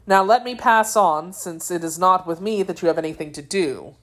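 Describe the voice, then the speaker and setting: A proud foreign duke speaks with cool, courtly command, as a woman reads him aloud. The voice sits a little low and is measured and calm, as in a storybook read aloud. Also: natural voice.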